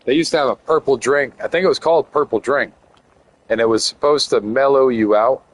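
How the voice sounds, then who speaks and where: A man's voice: mid-range voice, brisk. Young male streamer; loose, rambling, jokey chat with viewers. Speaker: game streamer. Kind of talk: casual live-stream chat while playing.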